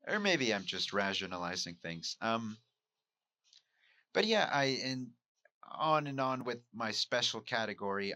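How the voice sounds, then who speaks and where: A Mexican podcast host and amateur stand-up comic works through his week in a reflective solo monologue, musing, questioning himself and speaking candidly. His medium-pitched voice is sing-song and a little slow with a sharp edge. The sound is clean studio audio with no room echo.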